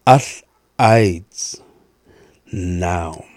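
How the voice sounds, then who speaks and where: Male radio host, slow and careful, repeats words for teaching, dark tone, dry close studio sound. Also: sits low, no echo. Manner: slow, repeating each word carefully, clearing throat often. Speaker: radio host teaching indigenous language phrases. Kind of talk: slow radio language lesson with repetition.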